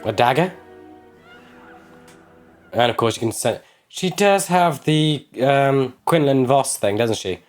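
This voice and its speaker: A man's voice: mid-range voice, slow, pauses often, faint music behind. Man reacting aloud to a film. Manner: thinking aloud, questioning the screen, excitable. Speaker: reaction video host. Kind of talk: casual film reaction commentary. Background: film soundtrack.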